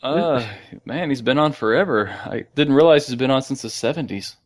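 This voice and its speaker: A man hosting a podcast, his voice worn hoarse from laughing. He chats easily in a middle pitch and laughs along with his guest. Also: moderate pace. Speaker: podcast host. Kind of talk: casual chat.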